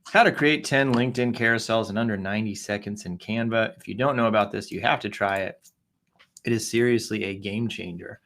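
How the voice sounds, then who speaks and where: A man's voice: fairly low pitch, a little fast, a bit bright. Chatty man hosting a live stream. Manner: chatty, self-mocking, reads comments aloud with playful asides. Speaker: livestream host reading social media posts. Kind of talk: casual live-stream chat.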